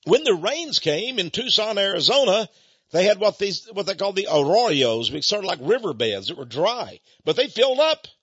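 A man's voice: high-pitched, fairly bright tone, husky, no room sound, lo-fi sound. An older American man giving a folksy, indignant monologue, like a radio host selling goods and ranting about money. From United States.

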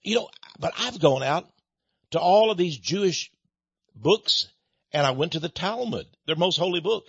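A man's voice: fairly high pitch, expressive, normal speed, vocal fry, fairly bright tone, husky, dry recording, highs cut off. A man hosting a radio talk show, ranting in an angry, emphatic, sarcastic way. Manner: angry, emphatic, sarcastic, rises and drops sharply.

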